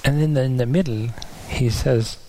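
A man's voice: mid-range voice, normal speed, darkish tone, slight background noise, rough recording. A man preaching a sermon in an earnest, searching way, sometimes losing his place and restarting.

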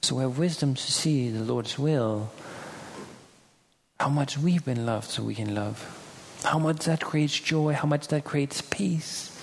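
A man's voice: medium pitch, measured pace, gravelly, a little hiss or hum. A man preaching a sermon earnestly, acting out quoted people now and then, in a church hall. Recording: hall reverb with faint ambience.

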